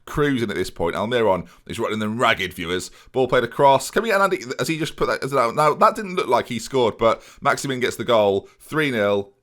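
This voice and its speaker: A man's voice: medium pitch, lively intonation, brisk, few pauses, fairly bright tone. A young man hosting a gaming video, giving casual let's-play commentary in a sardonic, self-mocking way and talking straight to his viewers.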